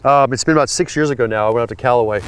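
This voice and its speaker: A man who fits and teaches golf clubs, telling a story in a lively, emphatic way. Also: medium pitch, racing, clean tone. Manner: animated, rising to emphatic when excited. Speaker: golf club fitter and instructor. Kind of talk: conversational storytelling.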